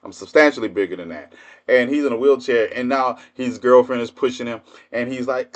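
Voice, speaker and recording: A man's voice: medium pitch, a little fast, muffled recording. A man in his fifties hosting a livestream, telling stories in a blunt, profane, laughing way. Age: 50s. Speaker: livestream host. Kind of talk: casual storytelling monologue.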